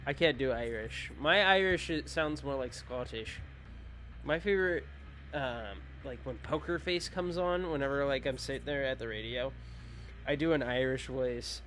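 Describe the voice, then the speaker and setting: A man's voice: medium pitch, normal speed, fairly bright tone, a little hiss or hum. A tired man hosting a gaming channel, chatting loosely through his video outro in a rambling, self-joking way. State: sleepy, tired. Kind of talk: casual video outro chat.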